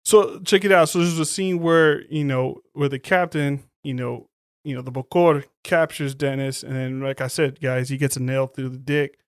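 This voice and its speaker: A man's voice: mid-range voice, moderate pace, smooth, dry recording, studio quality. A man co-hosting a podcast in casual chat, swearing a lot and acting out lines as he retells scenes. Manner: profane, animated storytelling, acts out quotes. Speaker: podcast co-host.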